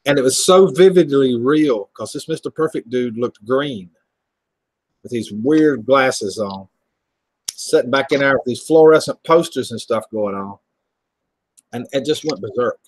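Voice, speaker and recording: A man's voice: mid-range voice, slightly rough, no echo, rough recording. A man with a Southern US accent chatting casually on a livestream, rambling and laughing easily. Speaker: livestream host.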